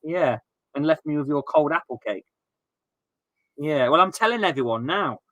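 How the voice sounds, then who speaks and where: Animated ranting man on a stream. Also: a little high, normal speed, no echo. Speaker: football watchalong streamer. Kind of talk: casual live-stream chat.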